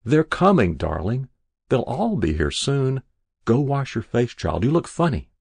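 A stubborn, sharp-tongued old woman on her deathbed, peevish and quick to scold, as a male narrator reads her. The voice sits fairly low and creaky, yet swings widely in pitch. It sounds dry and close, with no room around it. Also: very animated, dry recording, heavily acted. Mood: fretful. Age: older.

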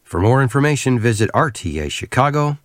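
A man reading a scripted public service announcement, clear and measured, spelling out web addresses and phone numbers. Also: mid-range voice, very animated, no room sound.

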